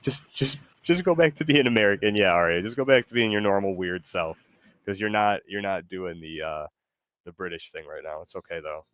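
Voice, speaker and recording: A man streaming a game who chats casually, talking in a halting, hesitant way full of fillers and restarts. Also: low-pitched, fairly bright tone, no room sound, clean studio sound. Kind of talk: casual chat while gaming.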